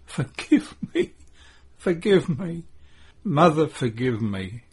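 A man's voice: mid-range voice, slow, breathy edge. A man voicing a remorseful young disciple who pleads through sobs during a devotional story reading. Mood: sobbing. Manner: sobbing, broken pleading.

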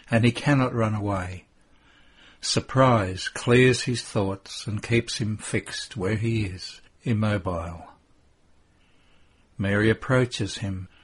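Slow, solemn man reading a devotional story. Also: lowish voice, husky. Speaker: narrator.

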